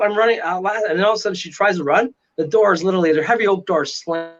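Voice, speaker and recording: Excitable high-voiced man, dramatic storyteller, muffled lo-fi audio. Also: fast, hardly any pauses. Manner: excitable, dramatic retelling with frequent "right?". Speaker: paranormal investigator guest. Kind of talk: animated storytelling in casual interview.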